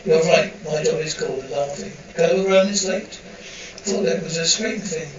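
A man speaking in the hurried, overlapping dialogue of a screen drama. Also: fairly high pitch, lightly acted. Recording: roomy, distant, dull audio with faint hiss.

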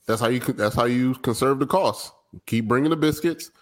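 A man's voice: mid-range voice, brisk. A man co-hosting a podcast who talks in a playful, slangy way during casual chat. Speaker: podcast co-host.

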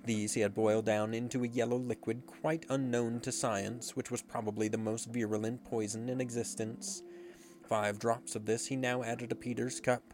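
A man narrating a storybook in a measured, expressive reading. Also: medium pitch. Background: faint guitar music.

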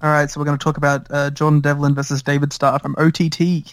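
A man's voice: a little high, little pitch movement, quick pace, no echo. Giggly man, dry close sound. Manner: giggly, easygoing. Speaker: podcast host. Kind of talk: casual chat.

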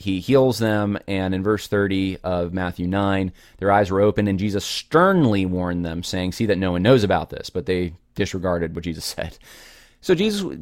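Earnest male Bible teacher, lowish voice, conversational and unscripted, close and dry recording. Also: no echo. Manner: conversational, earnest, many fillers and restarts.

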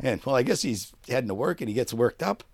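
A man telling a long, profane story on a podcast, acting out both sides of a shouting match and laughing often. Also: mid-range voice, animated, fast, no echo, clean studio sound. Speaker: podcast co-host. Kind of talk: casual storytelling chat.

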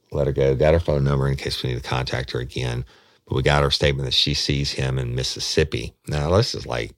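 A man with a drawl and an extremely deep, low voice tells an old case story in a loose, rambling way. He wanders off on side tracks and swears easily. The sound is close and dry, with no room echo. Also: fairly bright tone. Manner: rambling, detours into directions, swears casually. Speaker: detective recounting a case. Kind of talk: casual spoken storytelling.

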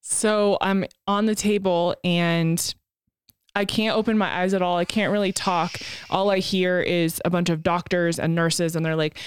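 Candid woman with a smooth, low voice. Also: normal speed, no room sound, studio quality. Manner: candid, frank and emotional, swears casually. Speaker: podcast co-host. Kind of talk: personal storytelling.

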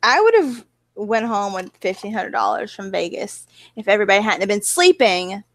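A woman's voice: mid-range voice, very animated, moderate pace, slight background noise. A woman with a Southern US accent, co-hosting a podcast in casual chat and telling stories at length while acting out her own reactions. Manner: rambling storyteller, acts out her own reactions. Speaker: podcast co-host.

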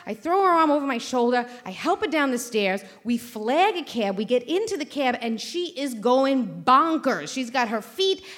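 A woman's voice: sits high, sing-song, moderate pace, hardly any pauses, fairly bright tone. A woman host telling a brash, profane comic story on a theater stage before a live audience.

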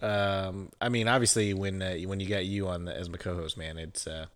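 A man's voice: sits low, fairly even intonation, fairly quick. A man hosting a casual podcast chat, laid-back and laughing a lot. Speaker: podcast host.

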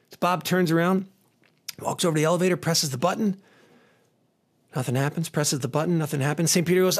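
A man's voice: a little high, fairly even intonation, quick pace, long pauses. A man telling a long joke in a loose, rambling way, with fillers and restarts.

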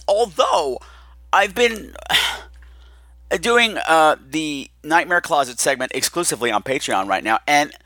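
A male podcast host rambles in an effusive, campy way. His voice is high and bright with a gravelly edge, and it swoops widely. The sound is close and dry. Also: no echo. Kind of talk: casual chat.

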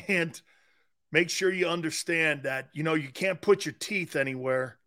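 A man's voice: fairly high pitch, a little slow, bright, forceful tone. Joking, rambling sports talk host, man. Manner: joking, laughs often, rambling asides. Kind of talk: casual sports radio banter.

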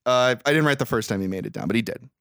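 Loose, swearing man with lively pitch. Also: rapid-fire, creaky, no echo, studio quality. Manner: swears freely, laughs loudly and often. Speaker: podcast co-host recapping a movie. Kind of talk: casual comedic chat.

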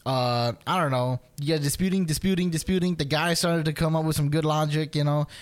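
A man's voice: on the high side, fairly even intonation, a little fast. A man on a casual podcast, telling an argument as a story, acting out both sides and laughing often. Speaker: podcast co-host. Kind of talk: casual chat.

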